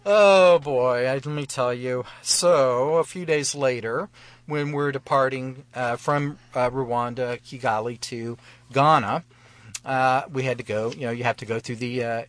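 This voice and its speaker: A man's voice: mid-range voice, fairly even intonation, measured pace, dry recording. A man sits in a radio studio telling a travel story to the host. His voice is close and dry. He drops his voice for his own replies and lifts it for the officers he quotes, chuckling as he goes. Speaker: guest storyteller.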